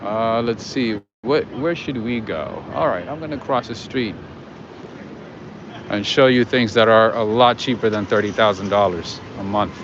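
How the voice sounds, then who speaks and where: A talkative livestream host walks a city street at night, offering rambling, filler-heavy commentary to his viewers while traffic and street noise loom loud around him. His voice is fairly low and unhurried, and the audio is a bit muffled.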